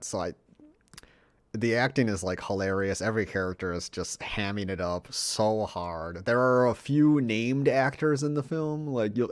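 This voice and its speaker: A man with a fairly low voice gives a loose, foul-mouthed movie review. He rambles and mocks the film with sarcasm, sometimes slipping into silly voices for the characters. The sound is dry and close to the mic, with no room around it. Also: no room sound. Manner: acts out characters in mocking voices. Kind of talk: casual profane movie review.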